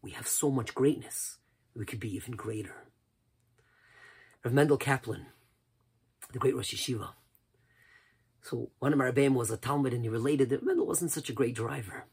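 A rabbi giving an impassioned sermon, swinging from loud cries down to near whispers. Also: male voice, medium pitch, moderate pace, creaky, pauses often, husky.

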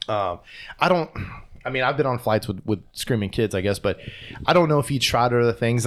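Guy hosting a podcast, mid voice, chatty, laughs a lot while telling a story. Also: mid-range voice. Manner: retells a news story, laughs often. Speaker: podcast host. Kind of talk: casual podcast chat.

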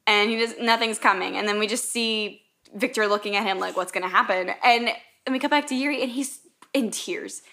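A woman co-hosts a chatty podcast, her voice pitched high and bright. She retells scenes with animated, swearing commentary and quick acted-out lines. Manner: animated, swears, acts out quotes. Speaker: podcast co-host. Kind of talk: casual anime recap chat.

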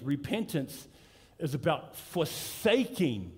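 Slightly high-voiced middle-aged preacher in reverb. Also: male voice, very animated, a little slow. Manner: conversational, anecdotal preaching with restarts. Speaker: pastor. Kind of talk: sermon. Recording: long hall reverb from church service.

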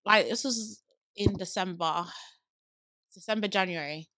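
A London woman in her twenties from the UK hosts a podcast, chatting casually and telling animated stories punctuated with laughs. Her mid-range voice has a measured pace and no echo.

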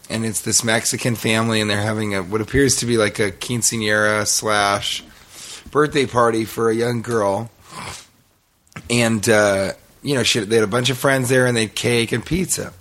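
A man with a lowish, slightly bright voice co-hosts a podcast, telling a long story. His casual storytelling rambles along, profane and self-mocking.

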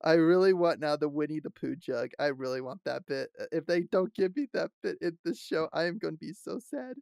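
Animated upbeat man on a podcast. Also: on the high side, brisk, creaky, no echo, clean studio sound. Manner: animated, laughs often, shrieks quotes. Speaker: podcast co-host. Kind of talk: casual chat about a fantasy show.

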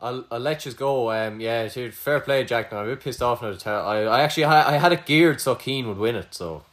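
Teasing Irish quizmaster, mid-pitched voice. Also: male voice, fairly quick, fairly bright tone. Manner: teasing, swears freely. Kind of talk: casual chat.

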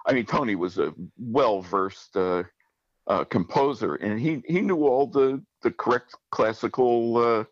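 A man's voice: mid-range voice, measured pace, no room sound, muffled recording. A man speaking as an interview guest, telling a story with lots of fillers and restarts while he searches for words. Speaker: guest, arranger and musician.

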